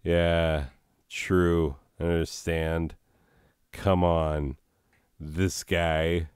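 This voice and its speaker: A man's voice: low voice, level tone, extremely slow, a little mellow, clear, resonant tone, dry recording, clean studio sound. A man hosting a game playthrough, reading the game's text aloud and adding rambling, sarcastic asides. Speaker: let's play host.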